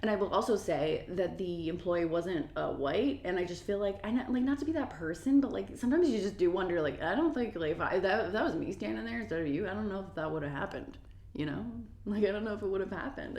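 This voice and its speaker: A woman's voice: mid-range voice, animated, quick pace, a little mellow. A young woman, ranting through a casual storytime, profane and full of "like" fillers. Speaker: mukbang vlogger. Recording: roomy echo.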